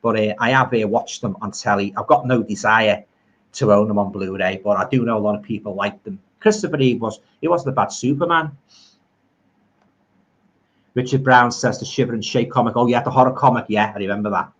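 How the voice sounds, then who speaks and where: Speaking briskly in a lowish voice over lo-fi sound, a middle-aged Liverpool man streams live from home about horror and old films. He rambles with enthusiasm, reads out viewer comments and leans on homely turns of phrase.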